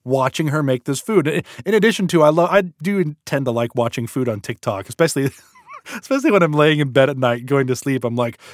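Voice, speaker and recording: Animated man chatting on a podcast. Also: mid-range voice, a little fast, dry recording, clean studio sound. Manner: animated, does exaggerated voices when retelling clips. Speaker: podcast co-host. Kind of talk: casual chat.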